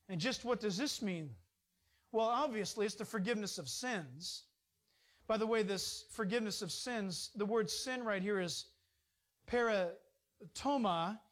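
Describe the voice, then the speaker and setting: A man's voice: high-pitched, a bit bright. Male pastor delivering a sermon, emphatic and conversational. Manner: emphatic, conversational preaching with sudden rises.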